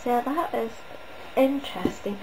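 A woman's voice: on the high side, expressive, unhurried, a little hiss or hum, low-quality recording. A woman giving a casual, rambling spoken review, often hesitating and restarting.

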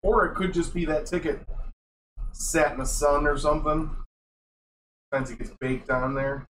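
A man's voice: on the high side, fairly even intonation, normal speed, a bit bright. A man with a Michigan accent giving matter-of-fact scratching tips during a casual chat. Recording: roomy, with audible background noise.

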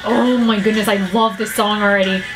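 A woman's voice: mid-range voice, steady tone, brisk, low-quality recording. A woman hosting a music video reaction vlog, full of gasps and emotional exclamations. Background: music video playing.

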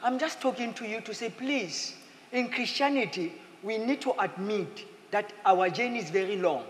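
A man preaching a sermon as pastor, in a lively manner, slipping into playful acted quotes. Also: sits high, moderate pace. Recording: echoey hall with faint ambience.

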